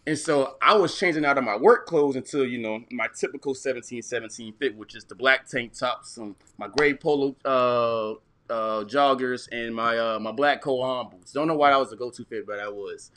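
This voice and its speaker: A man's voice: medium pitch, normal speed, few pauses, a bit bright. A young man in his twenties, co-hosting a podcast, telling a story among friends with laughs and quoted voices. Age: 20s. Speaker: podcast co-host.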